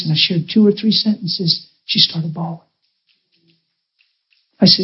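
A male preacher telling a story in a sermon, animated and emphatic, acting out the dialogue. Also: sits high, unhurried, pauses often, slightly rough, lo-fi sound.

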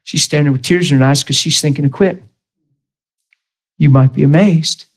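A man's voice: fairly high pitch, moderate pace, breathy edge, rough recording. A middle-aged male preacher delivering a sermon, telling stories and acting out the dialogue in them. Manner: storytelling, acts out dialogue with shifts in loudness.

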